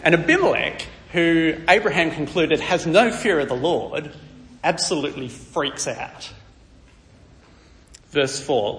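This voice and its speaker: A man preaching on a Bible passage in a lively, storytelling manner, dropping in wry asides. His voice sits a touch high and swings widely in pitch. A long reverb trails after him in the hall. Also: a little slow. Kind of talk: conversational Bible teaching.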